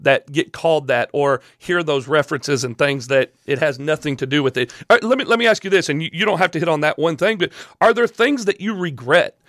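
Middle-aged male host, storytelling and probing, a touch high, close and dry. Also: lively intonation, fairly quick, hardly any pauses, fairly bright tone, dry recording. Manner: storytelling, pressing with questions. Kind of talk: confrontational interview.

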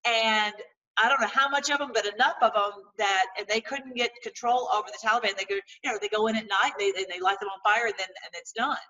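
A woman talking to her viewers in a casual, animated monologue, full of restarts and religious phrases. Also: mid-range voice, fast talker, far from the mic, lo-fi sound. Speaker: political commentary host.

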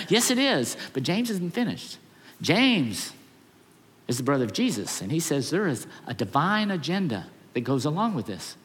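Pastor guy preaching, tells funny stories, long church reverb. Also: high-pitched. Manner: storytelling with lively acted quotes, self-deprecating humor. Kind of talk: sermon. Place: church sanctuary.

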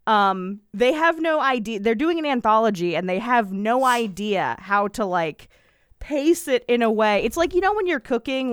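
A woman's voice: on the high side, fairly bright tone, clean tone, no echo, studio quality. A woman co-hosting a casual podcast chat, critical and conversational, with lots of fillers. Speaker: podcast co-host.

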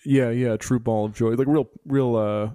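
Halting, mellow-voiced radio host man. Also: medium pitch, no echo, studio quality. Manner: halting and relaxed, many "like" and "uh". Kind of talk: casual radio interview.

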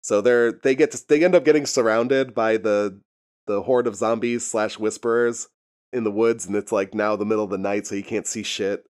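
A man's voice: on the low side, steady tone, normal speed, darkish tone. A man casually recapping a TV episode, rambling and laughing often, with frequent profanity. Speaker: podcast host recapping a TV episode. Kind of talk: casual chat.

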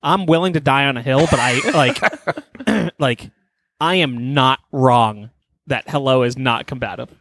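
A man's voice: medium pitch, measured pace, a bit bright, dry recording, studio quality. A man co-hosting a podcast, venting and swearing in casual chat. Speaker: podcast co-host.

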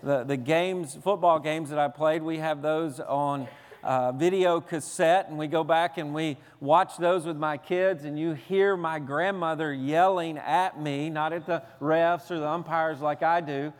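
Pastor from the American South, male, high voice, earnest storytelling sermon, long echo of a church hall. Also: fairly even intonation, a little slow, clear, resonant tone. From Southern United States. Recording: long reverb of a large hall.

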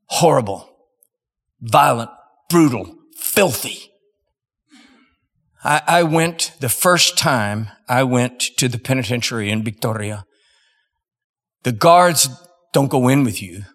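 A male preacher tells a story from the pulpit, dramatic and emphatic. He speaks slowly and leaves weighty pauses between his phrases. His voice echoes with a long reverb through a large hall. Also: medium pitch, expressive, a bit bright. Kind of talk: sermon storytelling.

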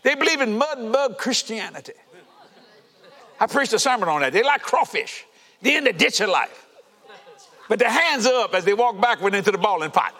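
A man preaching a fervent sermon to a congregation, shouting and laughing as he goes. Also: very high voice. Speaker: pastor. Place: church sanctuary. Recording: reverberant church hall.

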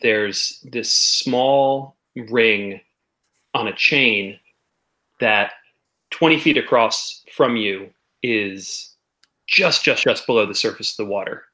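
Male game master, bright forceful voice, slow descriptive narration. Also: lowish voice.

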